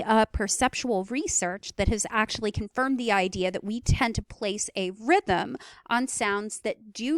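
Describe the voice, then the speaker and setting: Clear-voiced woman giving a lecture. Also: fairly high pitch, dry recording. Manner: explanatory, with fillers and vocal demos of rhythms. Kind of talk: recorded lecture.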